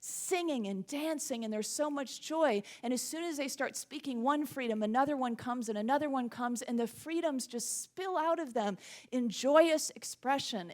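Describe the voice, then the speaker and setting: A woman minister delivering a sermon with impassioned, rhythmic preaching. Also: a little high.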